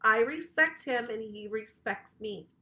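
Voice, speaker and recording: A woman voicing an overconfident, wacky female teacher in a storybook reading, speaking low and hushed. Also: a little slow. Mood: calm.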